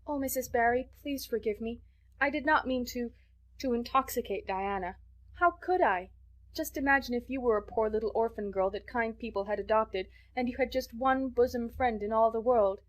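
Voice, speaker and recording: A woman's voice: fairly high pitch, normal speed, pitched above the performer's own voice, lightly acted. A woman voicing a dramatic, imaginative orphan girl who pleads in florid, theatrical words. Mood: pleading.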